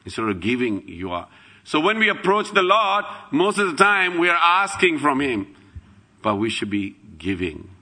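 Lively man telling devotional stories. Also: a little high, normal speed. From England. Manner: lively storytelling, acts out quoted voices, rises to loud chanting. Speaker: temple speaker. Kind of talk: devotional talk with anecdotes.

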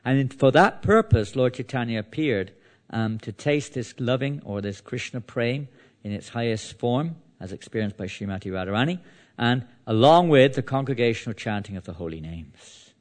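A man's voice: medium pitch, animated, normal speed. A man giving a devotional sermon, reading verses and then explaining them in a loose, conversational way full of restarts. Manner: conversational, with frequent restarts and "you know". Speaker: preacher.

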